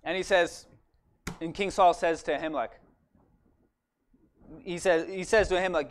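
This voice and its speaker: Guy at church telling a bible story, pretty high voice, super casual, lots of "right?". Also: normal speed, pauses often. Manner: chatty, animated, asks "right?" often. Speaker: church speaker.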